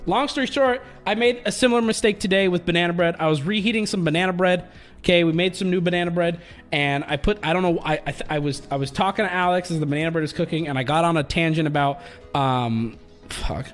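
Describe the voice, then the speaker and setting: A man with a high voice rambles through casual stream chat, swearing freely and breaking into laughs. Faint music plays behind him. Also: quick pace. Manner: rambling, profane, laughing often.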